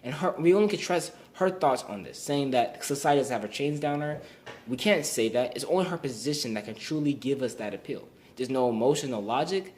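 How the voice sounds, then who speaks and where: A man's voice: medium pitch, expressive, fairly quick, a little mellow, slight background noise. A young man giving a recorded class presentation, earnest and explanatory, often restarting and repeating words. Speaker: student presenter.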